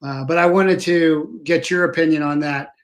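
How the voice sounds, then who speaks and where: A man, a former federal agent, hosting an interview and talking in a hesitant way, with many pauses and fillers. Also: a little high, fairly even intonation. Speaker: podcast host. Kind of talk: conversational interview.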